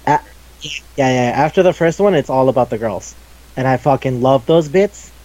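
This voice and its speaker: In a rough-sounding recording, a podcast host, a young adult man, keeps the chat casual and lively, often laughing and cursing without restraint. He speaks at normal speed with medium pitch, lively intonation and a slightly mellow quality.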